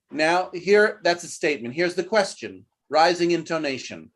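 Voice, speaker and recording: A man's voice: on the high side, expressive, moderate pace, few pauses. A man teaching an English lesson, patient but firm, repeating phrases and modelling intonation.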